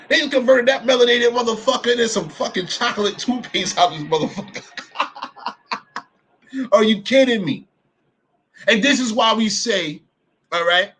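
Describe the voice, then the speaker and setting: Animated reaction commentator, a man with a high, bright voice who swears freely and keeps firing rhetorical questions. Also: slightly rough.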